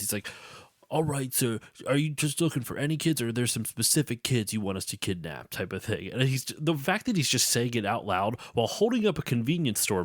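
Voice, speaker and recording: A man's voice: mid-range voice, no echo. A man in a casual podcast chat about a movie, with a mid-range voice. He rambles and stumbles back over his words. The recording is dry and close. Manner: rambling, self-correcting, laughs easily. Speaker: podcast co-host. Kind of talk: casual film discussion.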